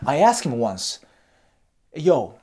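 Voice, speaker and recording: Japanese man, Japanese accent, casual advice host, highly animated pitch, swears and laughs often. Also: normal speed. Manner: blunt, frequent swearing and laughter. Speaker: host giving dating advice. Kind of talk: casual monologue.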